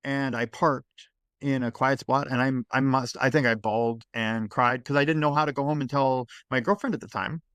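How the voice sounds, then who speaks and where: A man in his forties, a podcast guest telling his story in a casual, emotional and animated way. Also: mid-range voice, moderate pace, clear, resonant tone, no room sound. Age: 40s. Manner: emotional, animated storyteller who acts out dialogue.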